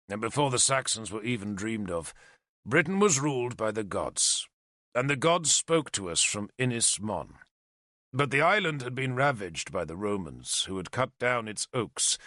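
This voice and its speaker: A male audiobook narrator telling a story in first person. His delivery is dramatic and expressive, his pitch moving widely. His tone is bright, recorded close and dry. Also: no room sound.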